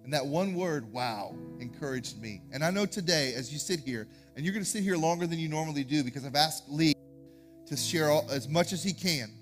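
A man, a pastor giving announcements and introducing a guest speaker in a church sanctuary, talking in an energetic, informal way. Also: on the high side, fairly quick, faint music behind.

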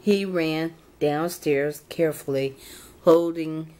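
A young woman reading a children's storybook aloud, halting and fixing her slips as she goes. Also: low-pitched, fairly even intonation, mellow. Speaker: channel host reading to reborn dolls.

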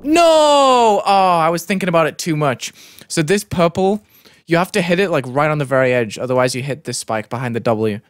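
Fairly high-pitched and a little fast, the young British streamer commentates his own gameplay live in a put-on American accent, shouting and yelping excitedly at his deaths. The recording has no room sound, just faint music behind him.

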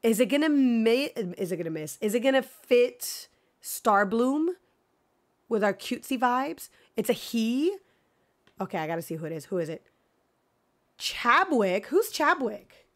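A woman streaming a video game, chatting casually with viewers and swinging between excited gasps and mock dread. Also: fairly high pitch, a little slow. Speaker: gaming streamer. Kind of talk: casual live gameplay chat.

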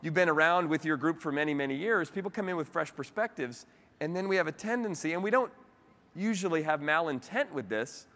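Bright-voiced man giving a keynote. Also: on the high side, brisk. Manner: animated storytelling with audience asides. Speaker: keynote speaker. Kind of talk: motivational keynote speech. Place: large convention hall. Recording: long hall reverb.

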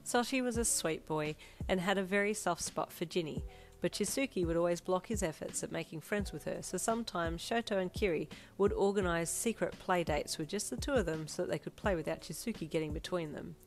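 A woman reading a second-person fanfiction story aloud in a calm, storytelling manner. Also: fairly low pitch, fairly quick. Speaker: fanfiction reader. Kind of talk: scripted narration. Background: soft lofi piano music.

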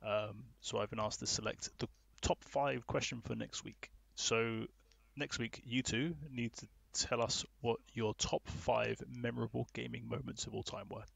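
Dude co-hosting, super gravelly voice, husky, dry sound. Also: male voice, medium pitch, flat delivery, moderate pace, hardly any pauses, a bit bright, dry recording. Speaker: podcast co-host. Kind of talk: casual chat.

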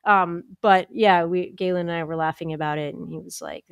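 A woman co-hosting a podcast, telling a story in casual chat, animated and full of "like," acting out what people said. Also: on the low side, a little fast, creaky, clean tone, no room sound, studio quality. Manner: animated, acts out quoted voices, lots of "like" and laughter. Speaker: podcast co-host.

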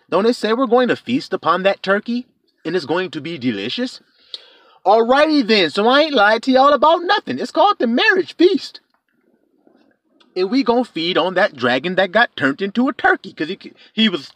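A man preaching an informal sermon in an animated, playful way, laughing and breaking into sing-song asides. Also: a little high, normal speed, no room sound.

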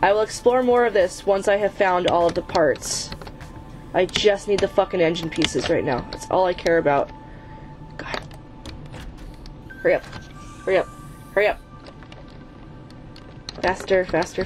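With a lowish voice, this woman is animated yet unhurried, leaving long pauses as she hosts her gaming channel. She narrates a let's play, swears at the game in frustration, and keeps chanting repeated urging phrases. Soft background music plays.

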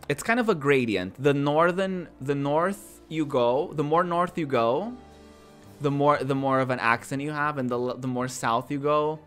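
A man's voice: on the high side, normal speed, fairly bright tone, soft background music. A man from northern Portugal, chatting casually and rambling while he streams a game, often repeating his words. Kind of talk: casual chat while gaming.

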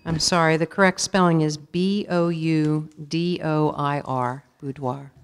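A woman serving as a spelling bee pronouncer, reading words, definitions and sentences in a measured, formal way. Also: sits low. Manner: measured, even, repeats each word clearly. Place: school auditorium. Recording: long reverb of a large hall.

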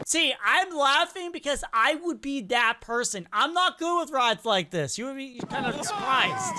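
A reaction video host giving casual commentary on fail clips, animated and exclaiming, voicing what the people and animals in the clips might be thinking. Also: high voice, normal speed, few pauses, very noisy.

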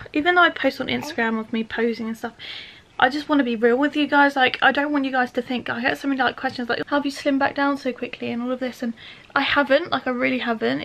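High, gravelly-voiced young woman. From England. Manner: chatty and emotional, laughs often. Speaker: vlogger. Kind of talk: casual vlog chat. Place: home.

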